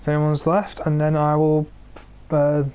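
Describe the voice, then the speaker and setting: This English guy in his twenties sounds a touch high and clean-toned, speaking in an unhurried monotone through lo-fi audio. Streaming a tank game on a cheap gaming mic, he narrates live and sarcastically complains about his teammates.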